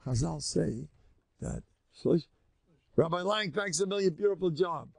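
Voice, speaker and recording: Gravelly, animated older rabbi lecturing. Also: male voice, measured pace, no room sound. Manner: animated, jumps high in pitch when mimicking.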